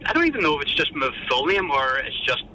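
A man's voice: fairly high pitch, very animated, quick pace, sharp tone, slight background noise, low-quality recording. A man calling a radio show by phone from his car while driving, joking dryly. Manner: dry, joking. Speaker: caller. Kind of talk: casual phone chat.

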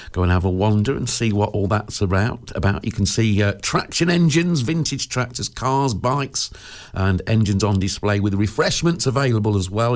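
Chatty man hosting local radio. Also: fairly low pitch. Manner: chatty and rambling, with frequent 'uh' fillers and restarts; jokey, laughs at his own asides. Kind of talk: casual radio chat. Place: radio studio.

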